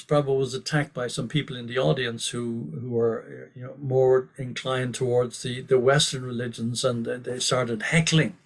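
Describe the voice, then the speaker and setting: Husky-voiced man giving an animated sermon. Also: mid-range voice. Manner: animated, quotes with rising force, frequent restarts. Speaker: speaker giving a scripture class. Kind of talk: sermon with storytelling.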